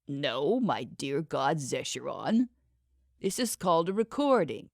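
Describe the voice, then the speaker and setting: A woman voicing a smooth, condescending male schemer who talks others into his plans. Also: deep voice, big pitch swings, a little slow, darkish tone, no room sound, studio quality, exaggerated voice. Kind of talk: audiobook character voice.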